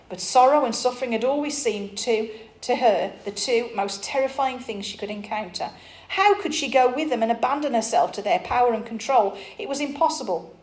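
A woman preacher reading an allegory aloud expressively with small restarts, then preaching. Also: a little high. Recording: roomy echo.

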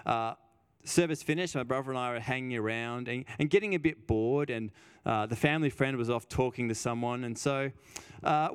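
Man preaching with a smooth, resonant voice. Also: mid-range voice. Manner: emphatic, repeats phrases for weight; conversational, tells personal stories. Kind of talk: sermon.

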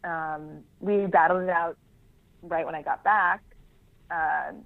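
A young woman talks candidly about her past, frank and self-deprecating, with laughs between points. Her voice sits a little low for a woman. The sound comes through a thin, tinny, phone-like line. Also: fairly even intonation, takes it slowly, vocal fry. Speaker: Marine Corps veteran guest. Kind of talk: candid interview conversation.

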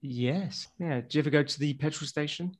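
A man's voice: a little high, brisk. Blunt bantering guest man. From England. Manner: blunt, banter-heavy, cheeky. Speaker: podcast guest. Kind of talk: casual chat.

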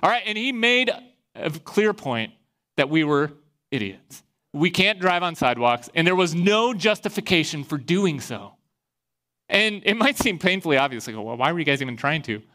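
A pastor from Iowa, a man giving a sermon and telling a personal story in a lively way, acting out the voices he quotes. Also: high-pitched, moderate pace. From Iowa, USA.

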